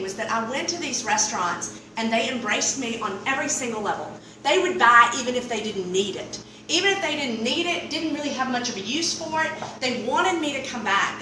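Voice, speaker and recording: Animated Southern storyteller woman, roomy and distant. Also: a little high. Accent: Southern US, Mississippi. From Mississippi Delta. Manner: animated, drawling, swings into loud exclaimed quotes. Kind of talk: casual comic storytelling. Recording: roomy, distant mic, clear background noise.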